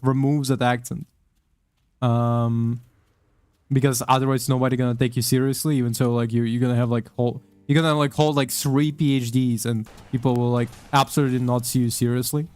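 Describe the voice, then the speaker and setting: A man's voice: medium pitch, little pitch movement, brisk, darkish tone. A young man talking casually while he plays a game, rambling with lots of swearing, fillers and restarts. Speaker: gamer commenting while playing. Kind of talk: casual gaming commentary. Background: faint game music.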